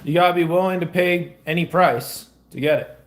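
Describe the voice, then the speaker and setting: A young man with a notably high voice talks loosely and rambles while he fixes food in his home kitchen. He records on a phone held in one hand, with a faint hiss behind him. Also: normal speed. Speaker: faith vlogger. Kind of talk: casual vlog chat.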